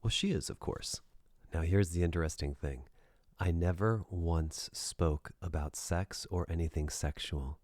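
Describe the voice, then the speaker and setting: A man with a deep, low voice, talking straight to the listener as a dating coach. His delivery is direct and conversational, and now and then he checks in with the listener. The sound is dry and close, with no room echo. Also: moderate pace, darkish tone. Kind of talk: advice monologue.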